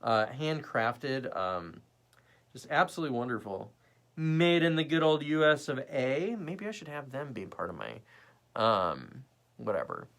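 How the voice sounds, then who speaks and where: A young man chats on his livestream in a lively voice that rises and falls a lot. He talks bluntly and swears freely, and he slips into quick imitations of other people. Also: medium pitch, gravelly. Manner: animated, mimics people in quick bits; blunt and profane. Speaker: livestream host. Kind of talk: casual live chat reading viewer comments.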